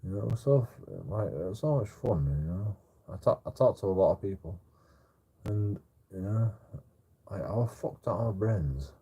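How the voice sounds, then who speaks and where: A man's voice: lowish voice, animated, normal speed, dark tone, breathy edge. A man telling a rambling story in casual chat, stammering over repeated words and swearing a lot. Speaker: streamer. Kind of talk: casual anecdote.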